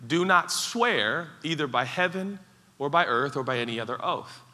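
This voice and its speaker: A man preaching a sermon as pastor, animated and playful, acting out mock voices as he goes. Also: on the high side, normal speed. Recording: large hall with long reverb.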